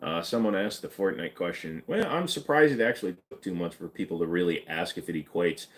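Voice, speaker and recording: A man's voice: low voice, lively intonation, brisk. A man hosting a live stream, casually reading and answering chat questions in an offhand, joking way.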